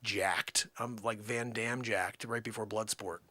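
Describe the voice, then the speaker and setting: Man, livestream host, comic storytelling, rambling, bright voice, dry sound. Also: lowish voice, fairly even intonation, a little slow, dry recording. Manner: rambling, jokey, swings from mutters to shouts.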